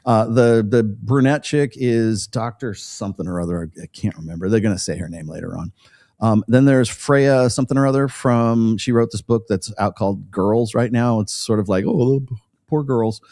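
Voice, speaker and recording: A man's voice: lowish voice, normal speed, darkish tone, dry recording, studio quality. A man hosting a casual commentary show, rambling with many restarts and laughing as he reacts to a video clip.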